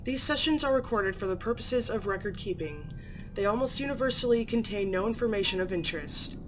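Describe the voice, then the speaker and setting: A woman narrating from a script in a clear, matter-of-fact way. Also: medium pitch, expressive, a little fast, music in the background.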